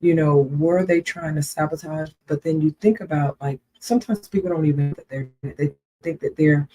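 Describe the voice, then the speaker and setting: A woman's voice: low voice, normal speed, dark tone, slightly rough, poor audio. A woman co-hosting a casual livestream chat, earnest and repeating herself for emphasis. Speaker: co-host.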